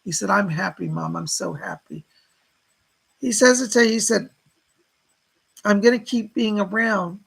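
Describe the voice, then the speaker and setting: Gravelly husky man doing readings. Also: high voice, a little slow, pauses often, a bit bright, rough recording. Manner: relays spirit messages as quotes, thanks donors by name. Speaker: psychic medium. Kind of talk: live-stream psychic readings.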